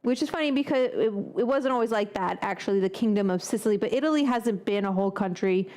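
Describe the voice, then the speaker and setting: A woman's voice: medium pitch, quick pace, darkish tone. A woman hosting a cooking live stream from a home kitchen, talking in a loose, rambling, chatty way with casual swearing and drifting off onto tangents.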